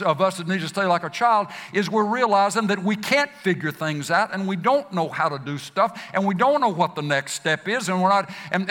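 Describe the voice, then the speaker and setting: A male preacher gives an impassioned sermon in a somewhat high voice. He drops into hushed, slow phrases, then builds again with rising emphasis. A long reverb hangs in the hall around him.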